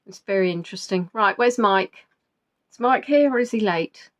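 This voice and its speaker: A woman's voice: mid-range voice, moderate pace. A woman hosting a live quiz, chatting casually and rambling with self-deprecating asides. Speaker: quiz host. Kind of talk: casual live-stream chat.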